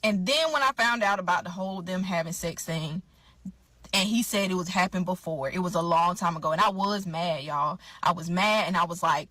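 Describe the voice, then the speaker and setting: A woman telling a personal story in an animated way, repeating herself for emphasis and calling her viewers y'all. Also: on the low side, moderate pace, no echo. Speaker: storyteller in a clip.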